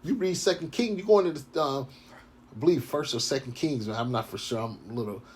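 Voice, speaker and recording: A husky man gives an informal sermon, reading scripture slowly and then breaking into heated, profane street slang. His voice sits at an ordinary middle pitch with a rough edge. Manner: gets fired up. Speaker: scripture teacher. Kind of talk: informal preaching monologue.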